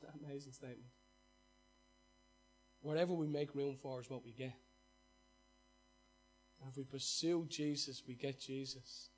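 A man preaching a sermon as pastor, impassioned, swinging from loud exhortation to hushed asides and stumbling over repeated words when fired up. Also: mid-range voice, steady tone, moderate pace, long pauses, husky, faint music behind.

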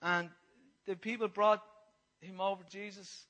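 A man preaching a sermon, impassioned and repetitive, moving between loud passages and hushed ones. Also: high voice, fairly even intonation, normal speed, poor audio.

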